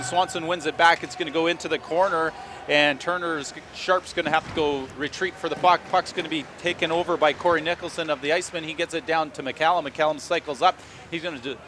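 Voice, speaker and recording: A man calling hockey play-by-play in a rapid running stream, with dry joking asides between plays. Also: on the high side, background noise. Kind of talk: play-by-play sports commentary.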